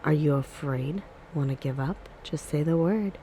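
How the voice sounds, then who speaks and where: A woman reading the lines of a pushy, frightened boy in a soft ASMR story reading. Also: low-pitched, unhurried, slight background noise, poor audio. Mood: urging. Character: frightened bossy boy urging a friend on.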